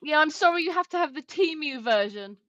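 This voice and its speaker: A woman's voice: high voice, lively intonation, fairly quick, fairly bright tone, no room sound, highs cut off. A woman co-hosting a livestream, chatting casually and reading out viewer comments. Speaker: livestream co-host.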